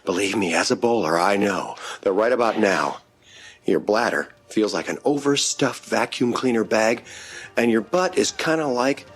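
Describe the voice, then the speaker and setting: A smug, mocking bowling commentator in a film clip, his voice low and his tone sneering. Faint guitar music plays in the background. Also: animated, moderate pace.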